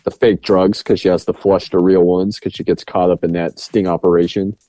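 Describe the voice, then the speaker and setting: A man's voice: deep voice, little pitch movement, a little fast, dark tone, dry recording, soft background music. A man co-hosting a podcast, rambling through movie scenes in casual chat with lots of fillers. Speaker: podcast co-host. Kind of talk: casual film review chat.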